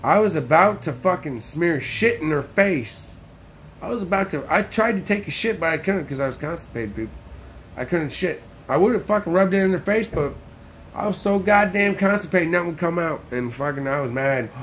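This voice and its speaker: A man's voice: on the high side, lively intonation, moderate pace, fairly bright tone, slight background noise. Manic, profane man ranting. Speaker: vlogger. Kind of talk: rambling phone-video monologue. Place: indoors, room with a TV. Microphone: phone.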